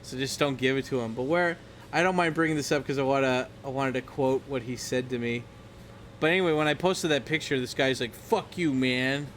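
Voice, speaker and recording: A man's voice: medium pitch, fairly quick, a bit bright, slight background noise. A young man from the United States vlogging in a rambling, profane, irreverent way, full of fillers. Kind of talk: casual rambling commentary.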